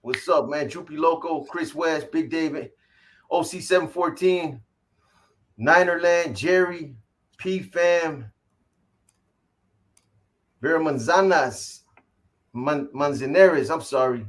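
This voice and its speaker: Guy on a livestream reading off chat names, kinda high voice, laid back slang. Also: takes it slowly, long pauses. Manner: rattles off viewer shout-outs, slangy, calls people boy. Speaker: livestream host.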